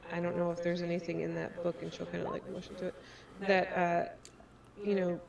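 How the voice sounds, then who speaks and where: A woman's voice: on the low side, little pitch movement, moderate pace, gravelly. A woman player in a tabletop game, speaking hesitantly with many fillers. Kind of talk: casual tabletop game talk. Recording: distant mic with crowd noise.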